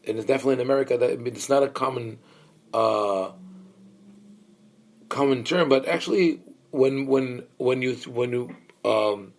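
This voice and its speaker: A man's voice: mid-range voice, a little mellow. A man, a rabbi, leading a Bible study lecture in a thoughtful, explanatory way, with many fillers and restarts and questions to his listeners. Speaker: rabbi teaching a class.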